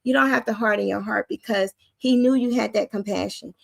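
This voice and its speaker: A woman with a high, youthful-sounding voice giving an informal spoken teaching on faith, preacherly and often acting out the voices she quotes. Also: fairly even intonation, a little fast, vocal fry, no room sound.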